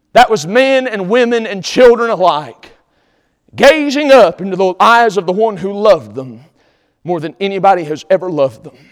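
Man, preacher, emphatic sermon delivery, loud-to-hushed swings, long church reverb. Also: sits high, clean tone.

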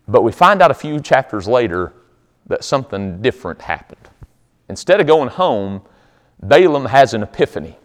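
Folksy, animated preacher telling a story. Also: male voice, mid-range voice, moderate pace. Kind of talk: storytelling sermon. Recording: long hall reverb.

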